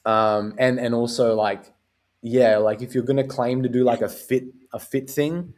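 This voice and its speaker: A male podcast host talking in relaxed, casual chat, his voice sitting at an ordinary middle pitch. He rambles loosely, leans on fillers, and drops a swear word now and then. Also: normal speed.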